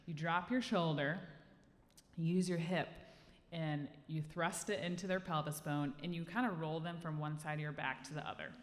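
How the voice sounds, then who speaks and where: A woman's voice: low-pitched, normal speed. A woman telling a story live on stage. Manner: lively, animated, acts out the scene. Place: live venue stage with audience. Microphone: handheld mic. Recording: live hall reverb, faint room noise.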